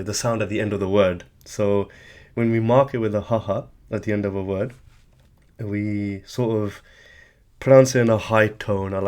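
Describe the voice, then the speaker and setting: A man teaching a tutorial lesson, explaining patiently and correcting himself as he goes. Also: on the low side. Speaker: language teacher.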